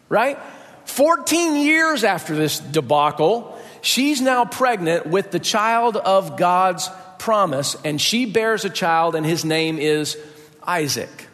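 High-pitched pastor guy preaching, chatty storyteller, lots of "right?", echoey hall. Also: a bit bright. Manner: conversational storytelling, asks the congregation "right?". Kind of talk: sermon.

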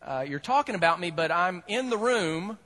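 A man's voice: sits high, lively intonation, moderate pace, sharp tone, big-room sound. A man voicing a meek, awkward young woman who mumbles sheepishly.

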